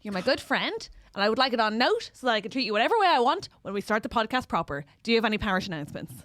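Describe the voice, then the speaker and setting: A high, very lively woman talks fast in a playful, bossy manner. She keeps cutting in on her co-hosts, and the close mic adds no room to her voice. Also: dry recording. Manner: bossy, playful, quick to interrupt. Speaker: podcast co-host. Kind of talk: casual comedy chat.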